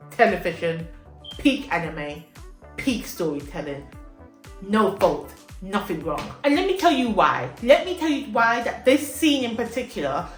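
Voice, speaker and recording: A woman casually recapping an anime arc for her vlog, animated and emotional, often checking in with "okay?". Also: fairly high pitch. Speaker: anime vlogger. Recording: echoey room with faint music.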